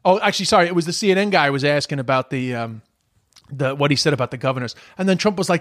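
A man with a noticeably high-pitched voice delivers a heated political rant. He sounds exasperated and swears freely as he talks. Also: lively intonation, rapid-fire. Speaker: commentator.

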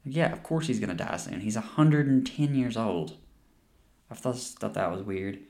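A man's voice: fairly low pitch, animated, moderate pace, a little mellow. Rambling, profane man reviewing a movie. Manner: rambling, profane, with frequent restarts and laughs. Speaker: podcast host. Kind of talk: casual movie review chat.

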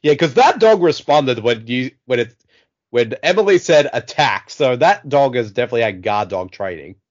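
A man trades jokes while watching a film, his pitch rising and falling in a lively, animated way. His delivery is casual and playful. The audio is dull and lo-fi. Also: normal speed. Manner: jokey, playful asides with silly voices. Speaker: film commentary co-host. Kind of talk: casual movie commentary chat.

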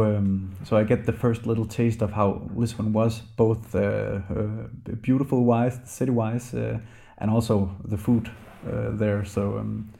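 A man's voice: lowish voice, vocal fry, warm tone. A man talking in a casual interview as the guest, hesitant with many fillers and restarts.

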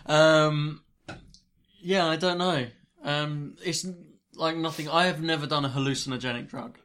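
A man's voice: on the high side, steady tone, a little slow, a bit bright, clear, resonant tone. A man hosting a casual podcast chat, talking loosely and laughing as he goes. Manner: chatty, laughs while talking. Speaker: podcast host.

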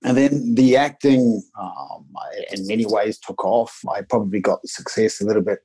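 Energetic New Zealand man, husky dark voice. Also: lowish voice, normal speed, rough recording. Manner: energetic, eager, tumbling restarts. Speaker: guest, presenting coach. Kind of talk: casual interview chat. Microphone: video call.

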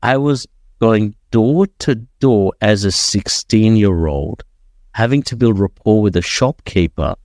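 Man, young adult, from Dubai, mid pitch, dry sound, casual storytelling, says "right?" a lot. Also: expressive, a little slow, darkish tone, dry recording. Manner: storytelling, frequent "right?" tags. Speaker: guest. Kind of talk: casual podcast interview.

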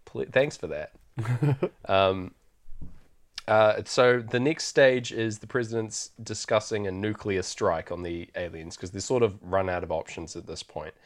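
A man's voice: lowish voice, measured pace. A man hosting a podcast, chatting loosely through a film recap and laughing often. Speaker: podcast host. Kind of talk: casual film recap chat.

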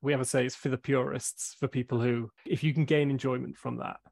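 A man's voice: mid-range voice, level tone, fairly quick, creaky, a little mellow. A man hosting an interview podcast, asking questions and cheering on his guest in a casual chat. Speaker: podcast host.

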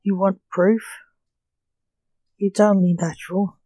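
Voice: medium pitch, little pitch movement, slow pace, mellow, no echo, close to an everyday voice, poor audio. A reader voicing a menacing male kidnapper on the phone, giving orders in a cold, commanding way.

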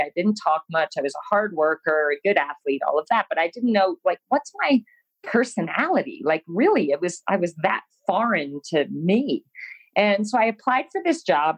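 Heard on a low-quality recording, a woman whose voice sits on the low side is being interviewed. She relates a personal story openly and makes light of herself, becoming animated when she mimics her own past remarks.

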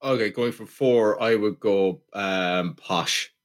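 A man co-hosting a casual film-review podcast. He talks in a dry, halting way and stumbles over his words. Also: fairly low pitch. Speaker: podcast co-host.

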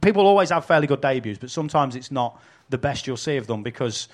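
Animated man telling stories. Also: medium pitch, quick pace. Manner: swearing, animated storytelling with laughs. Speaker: podcast host and wrestling promoter. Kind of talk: live podcast chat with an audience.

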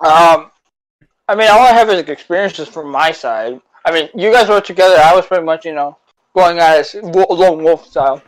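A man co-hosting a podcast, telling stories in casual chat with a relaxed, self-deprecating manner. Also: on the high side, moderate pace, rough recording. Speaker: podcast co-host.

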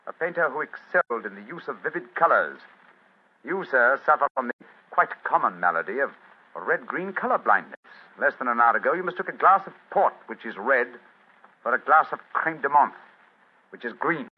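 A brilliant, composed detective explains himself with precise, lecturing speech. His husky voice swings widely in pitch. The sound is muffled, like an old 1940s radio broadcast. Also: big pitch swings, moderate pace. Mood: explaining. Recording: dull lo-fi 1940s radio recording.

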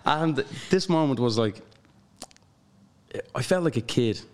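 A young man with an Irish accent, a guest telling stories in an animated way and laughing often. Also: medium pitch, measured pace, clear, resonant tone. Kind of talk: casual chat.

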